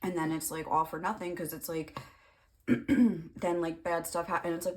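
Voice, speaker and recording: A young woman with a low voice talks through a tarot reading in a loose, rambling way. She packs her talk with fillers and drops the occasional swear word. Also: fairly even intonation, measured pace. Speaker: tarot reader. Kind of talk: casual tarot reading monologue.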